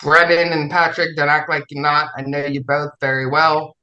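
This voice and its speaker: A woman speaks in a bright, forceful voice, casual and effusive. She hammers points home by repeating phrases. The room around her is echoey. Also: sits low, little pitch movement, moderate pace, muffled recording. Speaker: fellow writer on a podcast panel. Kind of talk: casual podcast chat.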